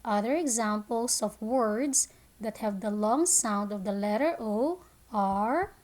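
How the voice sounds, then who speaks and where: Woman, kindergarten teacher, online phonics lesson, slow, higher voice, clear drawn-out sounds. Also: a little mellow.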